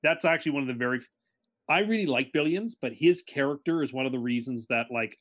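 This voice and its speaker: A man co-hosting a casual podcast who pushes back in a dry, measured way. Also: mid-range voice, fairly bright tone. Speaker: podcast co-host.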